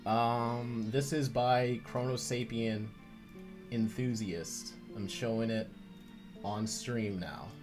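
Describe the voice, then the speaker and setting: A man's voice: medium pitch, fairly even intonation, slow, music in the background. A man hosting a casual livestream as a comic creator, chatty and rambling, full of restarts.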